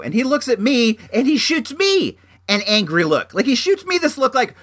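Give me a young man telling a rambling vlog story with a lively, swooping pitch. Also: normal speed. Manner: animated, rambling, lots of fillers and restarts. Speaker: vlogger. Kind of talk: casual storytelling monologue.

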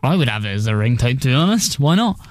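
A woman hosting a radio show in casual, excitable, playful chat on a studio mic. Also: extremely low pitch, fast talker. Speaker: radio host. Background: music.

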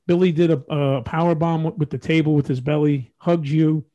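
A man co-hosting a podcast, chiming in with quick remarks and jokes in casual chat. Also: a little high, steady tone, mellow, dry recording, muffled recording. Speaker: podcast co-host.

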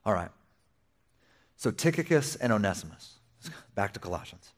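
A young man preaching a sermon as pastor, conversational and animated, slipping in playful asides. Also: lowish voice, normal speed.

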